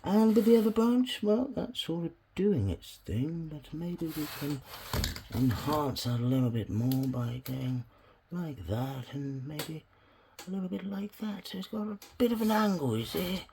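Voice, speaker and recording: A man's voice: fairly high pitch, expressive, unhurried, gravelly, dark tone, a little hiss or hum. A man chatting casually to the camera while wiring a bonsai, swearing often and talking to himself. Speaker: bonsai hobbyist vlogger. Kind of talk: casual chat while working.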